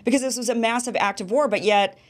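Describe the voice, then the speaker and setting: A woman hosting a political interview show, asking pointed rhetorical questions in an animated way. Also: fairly high pitch, fast talker. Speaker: show host.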